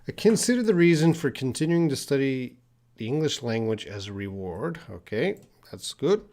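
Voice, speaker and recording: A man teaching English on a live stream, answering viewer questions and explaining with many pauses and fillers. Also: medium pitch, very animated, a little mellow.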